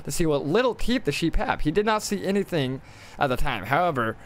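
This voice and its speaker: A man's voice: on the high side, sing-song, brisk, a little hiss or hum. A man reading a storybook aloud on a live game stream, swearing and joking between stumbling lines. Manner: profane, joking asides, stumbles and restarts. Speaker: gaming streamer.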